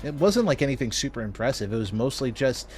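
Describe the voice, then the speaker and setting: A man giving casual gameplay commentary as a streamer, animated and chatty. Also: medium pitch, fast, soft background music. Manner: animated, puts on goofy voices when reading dialogue.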